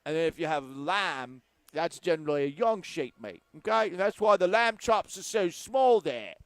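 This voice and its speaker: A sports radio host putting on a mock Australian accent, playing a boisterous male ram hunter in a loud, exaggerated, jokey way. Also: a little high, animated, normal speed, smooth, no room sound, pitched above the performer's own voice. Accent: put-on Australian, slipping to Cockney. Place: radio studio.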